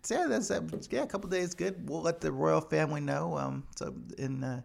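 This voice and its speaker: A man's voice: a little high, normal speed, vocal fry, pitched above the performer's own voice. A man voicing fussy, overly polite British officials personified as a nation, stammering and flustered. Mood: politely flustered.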